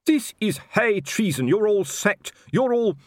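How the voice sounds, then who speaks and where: A man voicing a blustering middle-aged male watch sergeant, shouting in outrage. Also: on the high side, very animated, normal speed, no echo, clean studio sound, voice pushed up. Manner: shouting, indignant and red-faced.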